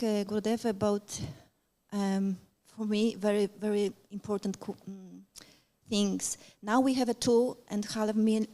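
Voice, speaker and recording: A woman's voice: mid-range voice, dark tone. A woman from Poland with a Polish accent, a psychologist asking an audience question, searching for words with feeling. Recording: roomy hall with long reverb.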